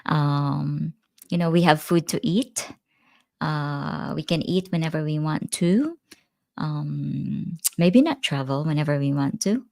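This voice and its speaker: Hosting a relaxed livestream chat, a middle-aged woman tells stories, laughs readily, and responds to what viewers write. She speaks slowly in a low, slightly mellow voice with vocal fry, captured in a dry, clean studio recording.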